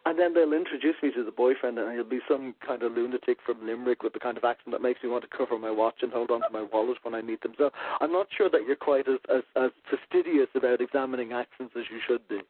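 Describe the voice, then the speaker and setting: A man's voice: mid-range voice, steady tone, fast talker, hardly any pauses, no room sound. A man with an Irish accent, an author interviewed on radio, telling wry self-deprecating stories. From Ireland. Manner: chatty, self-deprecating storyteller. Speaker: author guest. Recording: tinny phone line.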